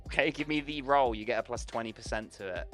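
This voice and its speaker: A man's voice: mid-range voice, fast, a bit bright, faint music behind. A man narrating and running a tabletop horror game as game master, loose and casual with swearing and filler ums.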